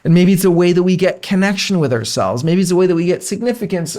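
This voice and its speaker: A man coaching casually about limiting beliefs, animated and blunt, sometimes swearing. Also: high-pitched, fast talker, hardly any pauses. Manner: animated, swears, mimics inner thoughts in silly voices. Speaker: business coach. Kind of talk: casual coaching talk to camera.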